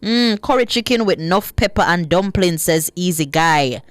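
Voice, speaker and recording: Lively Jamaican woman radio host. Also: lowish voice, moderate pace, no echo. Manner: lively, laughing, drops into patois. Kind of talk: live radio reading listener comments.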